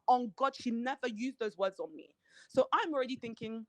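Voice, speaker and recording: A woman, a reality show cast member telling her story in an animated way and acting out the quoted lines of the people in it. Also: on the high side, moderate pace, dry recording. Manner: animated, acts out quoted dialogue. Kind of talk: candid podcast interview storytelling.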